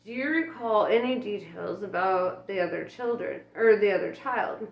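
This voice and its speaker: A woman's voice: medium pitch, normal speed, gravelly, natural voice. Audiobook angel, a prim, earnest man, voiced by a woman, roomy dull sound. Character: fussy, gentle male angel.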